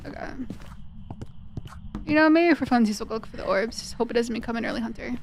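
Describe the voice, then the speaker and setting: A woman live-streaming a video game, chatting with viewers and explaining mechanics, her voice cracking and going hoarse. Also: on the high side, fast talker, noisy background. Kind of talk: live gaming commentary.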